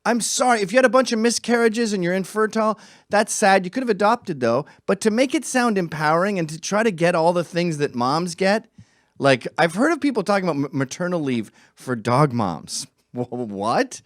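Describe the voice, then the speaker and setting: Man, middle-aged, profane sarcastic rant, raised pitch, dry close sound. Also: animated, moderate pace, dry recording. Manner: ranting, sarcastic, swings from quiet to shouting. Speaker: commentator. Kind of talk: profane opinion monologue.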